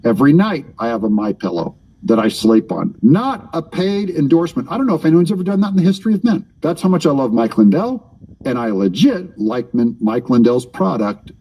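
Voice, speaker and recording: Sarcastic man with a mellow voice. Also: mid-range voice, sing-song, brisk, breathy edge, rough recording. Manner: mocking, talks back at the clips. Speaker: commentary channel host. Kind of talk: sarcastic political commentary.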